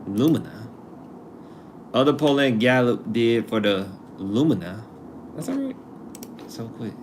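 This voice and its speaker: Very animated yet unhurried, this medium-pitched male host has a slightly mellow sound, with a little hiss or hum in the recording. On his casual live stream he chats loosely, veering off topic and repeating points for emphasis.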